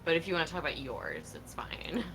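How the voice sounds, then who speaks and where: A woman voicing a cool, tough young female troll in a game, with a low-key, offhand drawl. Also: huge pitch swings, a little fast, noisy background, exaggerated voice. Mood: gentle. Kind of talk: reading game dialogue aloud.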